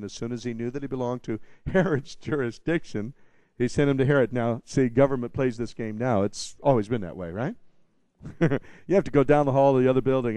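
A man preaching an expository sermon, animated and repeating phrases for emphasis, with wry humorous asides to the congregation. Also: medium pitch, no room sound. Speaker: pastor.

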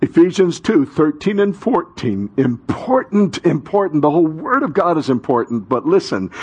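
A male pastor delivers a sermon with a husky, somewhat high voice. He swings his pitch widely and takes his time, leaning into call-and-response with the congregation and climbing into shouted declarations. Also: sing-song, moderate pace, few pauses.

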